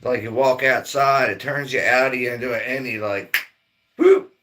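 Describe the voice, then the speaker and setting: A man's voice: medium pitch, fairly even intonation, moderate pace, noisy background. A middle-aged man from Maryland rambling in laid-back, profane casual chat as a livestream host. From Maryland, near Baltimore.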